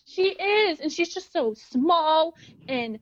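A woman's voice: extremely high pitch, lively intonation, slow, no room sound. A woman guesting on a casual podcast chat, talking in a chatty way full of "um" and "like". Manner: chatty, with many fillers like um and like. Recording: dull, lo-fi sound.

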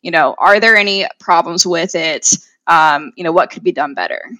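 A woman guest talks through her work in a chatty, casual way, with a lower-than-usual but bright, forceful voice. The sound is dry and close. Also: moderate pace, dry recording, low-quality recording. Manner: chatty, many fillers like "you know". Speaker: sales rep, guest. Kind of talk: conversational interview.

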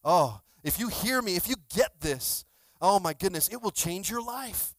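Guy pastor preaching, kinda high voice, acts out the quotes, repeats himself a lot. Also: measured pace, no room sound. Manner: animated storytelling, acts out quotes; repeats words, many restarts. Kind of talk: sermon.

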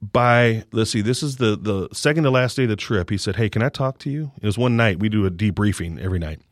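A man's voice: fairly low pitch, quick pace, no echo. A man who leads a sports ministry, earnestly telling a story in an interview.

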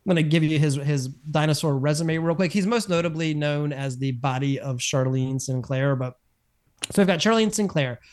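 A man's voice: fairly high pitch, moderate pace. A man co-hosting a podcast, chatting casually in a rambling way, often correcting himself. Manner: rambling, self-correcting, chuckles. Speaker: podcast co-host. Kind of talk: casual chat.

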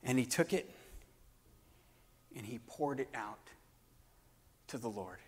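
A man preacher telling a story in a sermon, animated and acting out scenes, swinging between loud and hushed delivery. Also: medium pitch, slow pace, slightly rough. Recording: long hall reverb.

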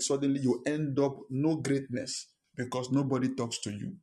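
A man's voice: medium pitch, steady tone, normal speed, warm tone. A man preaching a sermon as pastor, emphatic, repeating key lines and firing rhetorical questions at the congregation. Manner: fires rhetorical questions at listeners.

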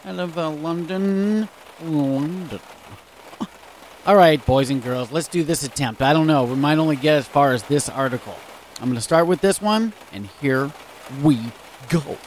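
A male radio host with a fairly high voice that swings widely in pitch. He reads odd news items in a loose, chatty way and comments freely. Rain sounds softly somewhere behind him. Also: a little hiss or hum. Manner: chatty, expressive, reacts aloud. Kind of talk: casual reading of weird news stories.

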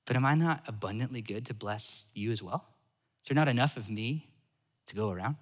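A man voicing God as a gentle male figure who speaks softly and coaxingly. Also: medium pitch, a little fast, close to an everyday voice.

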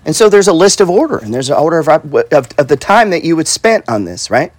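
A middle-aged man talks money in a casual, blunt way, with swearing and lots of repetition. His voice sits a bit high for a man. The sound is dry and close, with no room echo. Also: sing-song, fairly quick. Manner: blunt, profane, repeats himself, says "right?" and "bro". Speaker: real estate investor and coach. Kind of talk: casual motivational talk.

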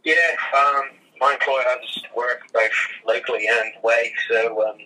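A hoarse young man talks casually as an interview guest, rambling along in a flat, level tone. His voice is bright and husky, and it comes from well back from the mic. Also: mid-range voice, measured pace. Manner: easygoing, rambling with many fillers. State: hoarse throat. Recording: voice from far off the mic.

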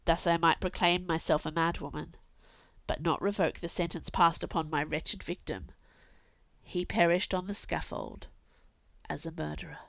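A woman narrating a dramatic audiobook reading in an anguished, intense, theatrical way, dropping to hushed tones at times. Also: fairly low pitch, moderate pace, no room sound. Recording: slightly dull, dry recording.

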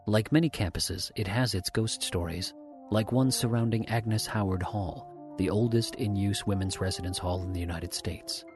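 A man giving calm, scripted documentary narration. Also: on the low side, normal speed. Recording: faint music underneath.

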